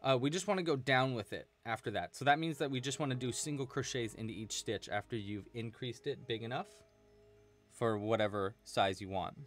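A man at a middle pitch gives a relaxed, chatty live crochet lesson. He talks his way through each step and counts stitches out loud while he works. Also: brisk, soft background music. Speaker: crochet instructor.

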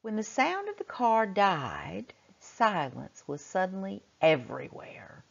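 A woman teacher reads a chapter book aloud slowly, her voice rising and falling with lively expression as she stops to question the children. Her lowish voice comes through a muffled lo-fi recording. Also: creaky.

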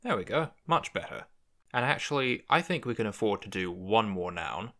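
A man's voice: fairly low pitch, sing-song, normal speed, bright, forceful tone. A man hosting a language-building tutorial, thinking aloud as he works through word forms. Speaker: conlang video host. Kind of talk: screen-recorded tutorial narration.

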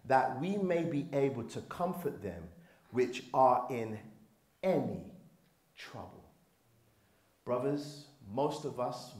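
A middle-aged man preaching a passionate sermon to a men's gathering, dropping low and quiet, then rising to shouts.

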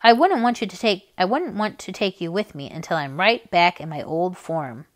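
A woman's voice: on the low side, lively intonation, normal speed, no room sound, natural voice. Woman reading as a fond storytelling father. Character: gentle adult father, a poacher.

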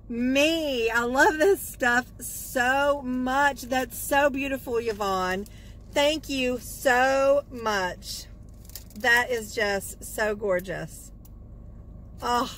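A woman's voice: high voice, very slow, a bit bright, poor audio. A woman vlogger chatting casually from her parked car as she opens fan mail, gushing and repeating her thanks. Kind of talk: casual chat.

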